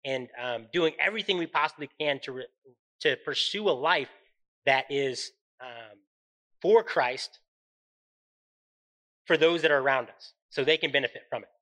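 A man's voice: mid-range voice, normal speed, long pauses, bright, forceful tone, rough recording. A man in his thirties hosting a faith-based motivational podcast, speaking in an earnest, encouraging way and often checking in with "right?". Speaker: podcast host.

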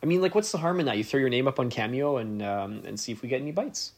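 A man co-hosting a podcast in casual chat, laid-back and quick to laugh. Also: mid-range voice, expressive. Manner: laid-back, laughs easily, says "yeah" a lot. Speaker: podcast co-host.

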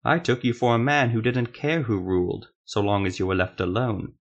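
An actor voicing a calm male sorcerer and swordsman who speaks slowly and deliberately. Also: mid-range voice, lightly acted.

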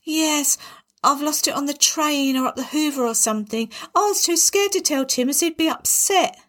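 A scheming young bride-to-be, voiced by a woman, in a storybook reading. She sounds prim and defensive, pitched slightly above the narration. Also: moderate pace, a bit bright.

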